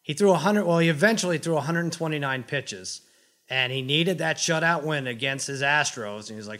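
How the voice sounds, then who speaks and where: A man hosting a sports talk show, ranting in an animated, joking way during casual banter. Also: on the high side, brisk.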